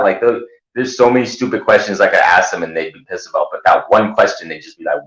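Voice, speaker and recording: A male host chatting casually, rambling and animated, slipping into loud mocking voices. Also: sits low, quick pace, reverberant, low-quality recording. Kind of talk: casual chat.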